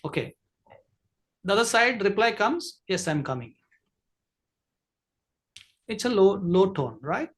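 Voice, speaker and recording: A man's voice: sits high, expressive, measured pace, a bit bright. A man who trains people in communication, giving an online masterclass lecture over a video call, explaining at length with many fillers and restarts.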